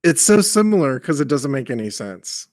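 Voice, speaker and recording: Animated man co-hosting a podcast. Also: mid-range voice, normal speed, no echo, studio quality. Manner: animated, builds long run-on explanations. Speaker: podcast co-host. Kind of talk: casual movie-review chat.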